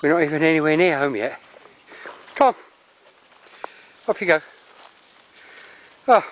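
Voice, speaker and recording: A man's voice: a little high, animated, measured pace, a bit bright. An older man with a Cockney accent, wheezing and out of breath as he narrates a climb up a steep wooded hill. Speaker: vlogger. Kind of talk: walking vlog narration. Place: steep wooded hillside outdoors.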